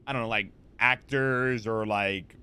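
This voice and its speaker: Sitting close to his desk mic at a home setup, a streamer talks casually with his audience, reading out chat messages and answering them. He's rambling and animated, full of fillers, restarts, and repetition. His voice is on the low side, a little slow, with a clean tone.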